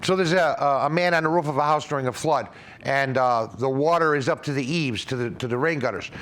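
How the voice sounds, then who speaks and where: A man's voice: medium pitch, fairly quick, a bit bright. A man hosting an explanatory talk, earnest and rambling with many restarts. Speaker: host. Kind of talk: explanatory talk on religious ideas.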